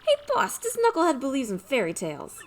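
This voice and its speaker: A woman's voice: high voice, huge pitch swings, fast, pitched above the performer's own voice, heavily acted. A woman plays a wisecracking male mob henchman from a video game, all slangy tough talk. The voice sits well above her usual and swings around. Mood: mocking.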